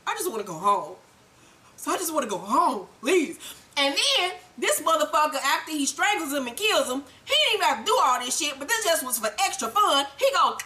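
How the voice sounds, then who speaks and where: A woman giving a blunt, animated, profane TV episode recap as host. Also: sits high.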